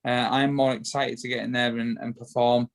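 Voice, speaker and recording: With a creaky quality, level tone, medium pitch and moderate pace, this Yorkshire man speaks as a guest in an easygoing interview. He's a bare-knuckle boxer whose talk meanders, often restarting and repeating words.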